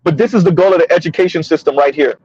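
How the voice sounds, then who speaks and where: A man's voice: fairly high pitch, rapid-fire, darkish tone, slightly rough, dry recording, dull audio. A man hosting a casual commentary monologue from his car, emphatic and repetitive, talking straight to listeners. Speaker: commentary host. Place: in a car on the road.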